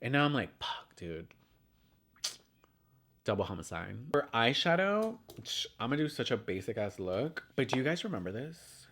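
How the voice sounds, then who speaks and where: A man's voice: medium pitch, very animated, a little fast, few pauses, fairly bright tone, slightly rough. A young man chatting casually and gossiping while doing his makeup, with lots of "like" and loose swearing. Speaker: beauty vlogger.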